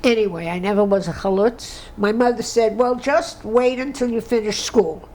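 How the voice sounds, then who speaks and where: Her voice sits on the high side with a darkish tone, at normal speed, on a low-quality recording. This woman in her nineties cries while giving an emotional oral history interview, reminiscing and restarting as she goes.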